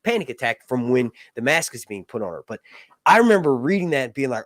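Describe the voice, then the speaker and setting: A man's voice: medium pitch, lively intonation, a little fast, no room sound. Rambling chatty man, dry sound. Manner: rambling, talkative, many fillers and restarts. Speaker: podcast host. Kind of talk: casual livestream discussion.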